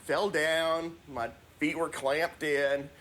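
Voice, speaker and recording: A man calling in to a podcast, relaxed, chuckling as he tells a casual anecdote. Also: on the high side, slow. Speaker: podcast caller.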